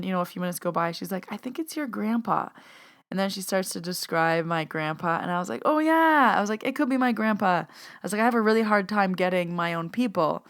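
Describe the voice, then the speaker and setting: A young woman hosts her own podcast and tells a story in a loose, conversational monologue. She acts out the back-and-forth of a conversation as she goes, with a voice that sits at an ordinary middle pitch. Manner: chatty, retells conversations with quoted dialogue. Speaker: podcast host and medium.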